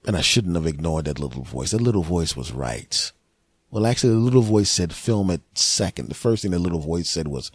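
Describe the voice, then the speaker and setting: Low-voiced man ranting on a podcast. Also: brisk, husky, no echo. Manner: animated storyteller, mock-outraged, swings into put-on voices. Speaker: podcast host. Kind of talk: solo comedic podcast rant.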